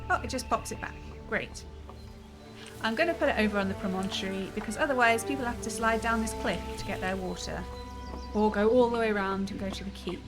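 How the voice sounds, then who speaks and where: Playing a cozy building game on stream, a woman chats with viewers and thinks aloud, laughing frequently as she offers casual commentary. She speaks briskly in a mid-range voice, with game music in the background.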